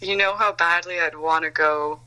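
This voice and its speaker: A woman's voice: fairly low pitch, fairly even intonation, moderate pace, pushed and bright, low-quality recording. A woman guest on a podcast, chatting casually, laughing often and swearing freely. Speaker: podcast guest, make-up artist. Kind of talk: casual chat.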